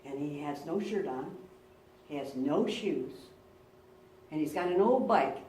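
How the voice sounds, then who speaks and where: A woman pastor with a low, warm voice and lively intonation preaches at a measured pace in a roomy church, captured from a distance with a little hiss or hum. Her sermon is built on earnestly told personal stories and words repeated for emphasis.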